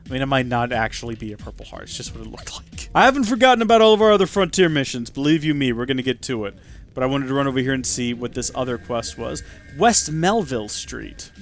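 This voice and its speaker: A man's voice: medium pitch, very animated, quick pace, soft background music. A man with a Southern US accent giving chatty, sarcastic commentary while playing a game. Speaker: let's play host. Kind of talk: casual gameplay commentary.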